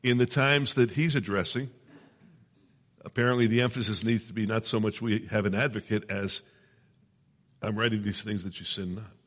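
A man's voice: fairly low pitch, fairly even intonation, moderate pace, pauses often, a bit bright, big-room sound. A man preaching a sermon in a conversational teaching manner, often checking in with his listeners. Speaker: pastor.

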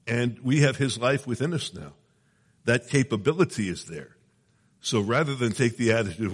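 A man's voice: medium pitch, animated, moderate pace, breathy edge, big-room sound. A man preaching a sermon in a conversational teaching manner, often checking in with his listeners. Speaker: pastor.

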